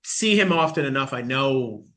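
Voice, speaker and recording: A man in his late forties chatting casually, telling stories with animated reenactments and bursts of laughter. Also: mid-range voice, normal speed. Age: 40s. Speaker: podcast guest. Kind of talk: casual chat.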